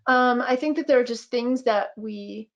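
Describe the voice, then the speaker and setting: A woman in her fifties talks on a video-call webinar as a guest physician and midwife. She tells stories in a thoughtful, meandering way and often pauses on fillers. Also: fairly high pitch, lo-fi sound. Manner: reflective storytelling with frequent fillers. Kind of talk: webinar conversation.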